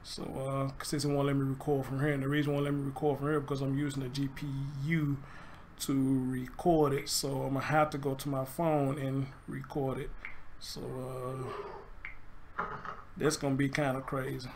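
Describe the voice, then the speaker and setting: A man's voice: medium pitch, level tone, moderate pace, darkish tone, a little hiss or hum. A man with a Southern US accent hosting a casual livestream commentary show, chatty and loose, greeting viewers by name. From Southern United States. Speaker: livestream host.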